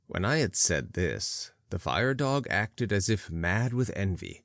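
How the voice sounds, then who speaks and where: A man reading an audiobook in slow, deliberate, archaic English. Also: lowish voice, sing-song, a bit bright, no room sound. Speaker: audiobook narrator. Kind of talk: scripted narration.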